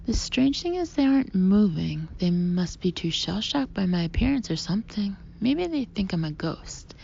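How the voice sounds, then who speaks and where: A woman narrating an audiobook in the first person, expressive, often sinking to a breathy half-whisper. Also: mid-range voice, moderate pace. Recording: muffled lo-fi audio with faint hiss.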